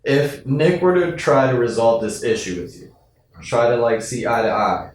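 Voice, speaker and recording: A man interviewing a guest, asking short, measured questions. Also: mid-range voice. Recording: roomy echo, distant from the mic.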